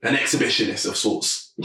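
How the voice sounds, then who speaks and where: A man's voice: normal speed, sharp tone, far from the mic. Musing man in an echoey room. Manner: musing, thinks aloud with many fillers. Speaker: music reaction host. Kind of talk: casual reaction commentary. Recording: echoey room, away from the mic.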